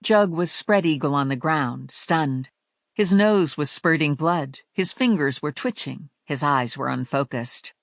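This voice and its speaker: A woman narrating a first-person crime audiobook with wry, expressive storytelling. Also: sits low, a little slow, dry recording, clean studio sound. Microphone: close studio mic.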